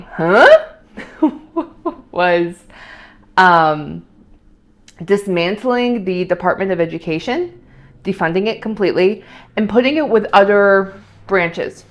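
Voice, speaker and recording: Rambling young woman vlogger. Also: on the low side. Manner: rambling and opinionated, many fillers and restarts. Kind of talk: casual opinionated chat.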